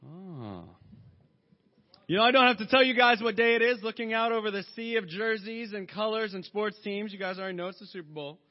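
A man in his thirties preaching a sermon, mixing jokes and lively stories into his message. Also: high-pitched, fairly quick. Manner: joking, lively storytelling. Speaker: pastor. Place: church hall. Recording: long hall reverb, dull sound.

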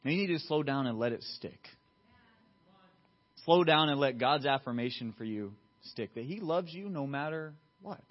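A man preaching a sermon in church, swinging between loud emphatic lines and quiet low asides. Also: expressive, normal speed, lo-fi sound. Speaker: pastor. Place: church sanctuary.

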